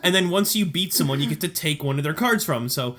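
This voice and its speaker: A man co-hosting a podcast in casual chat, telling a story with excitement and frequent laughter. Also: on the high side, quick pace. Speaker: podcast co-host.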